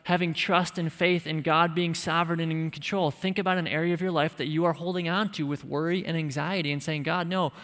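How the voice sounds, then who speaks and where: A man's voice: a little high, steady tone, brisk, hardly any pauses, a bit bright. Male preacher in a reverberant hall. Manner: emphatic, conversational, with light humor. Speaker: pastor. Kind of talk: sermon.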